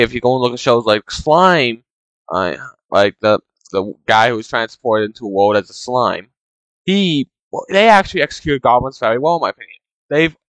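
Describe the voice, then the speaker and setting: A man's voice: mid-range voice, fairly bright tone, no echo, rough recording. A man in a casual, rambling monologue, complaining in an exasperated way to his chat as a streamer.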